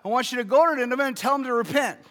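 A man preaching a sermon as pastor, moving between quiet, slow explanation and emphatic, shouted declarations. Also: very high-pitched, big-room sound.

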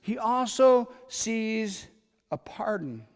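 A man preaching a sermon in a conversational way, alternating loud emphatic lines with quiet asides. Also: high-pitched, lively intonation, takes it slowly, in a large hall. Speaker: pastor.

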